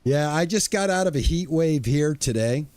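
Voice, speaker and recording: A man's voice: on the high side, lively intonation, moderate pace, a little mellow, no echo. A middle-aged man streaming a game, chatting casually and greeting viewers by name, often restarting his words. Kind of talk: casual live-stream chat.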